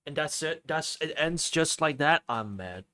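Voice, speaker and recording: A male streamer reads a visual novel aloud, reacting casually and chatting with his audience. He's animated and swears freely, with a voice on the high side at a normal speed.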